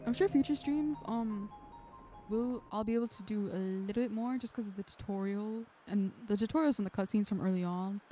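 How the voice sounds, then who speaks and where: A woman's voice: medium pitch, fairly quick, mellow, faint music behind. A woman streamer chatting casually through gameplay, muttering to herself and swearing now and then.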